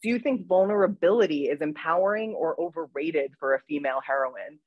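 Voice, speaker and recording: A woman's voice: sits low, expressive, a little fast, no echo, narrow, tinny audio. A woman interviewing an author in a casual conversation. She is chatty, laughs easily and hesitates with fillers.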